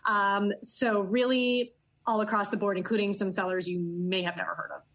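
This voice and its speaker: A woman guest who gives a shopping expert's answers in an interview, measured and with frequent fillers. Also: mid-range voice, level tone, fairly bright tone.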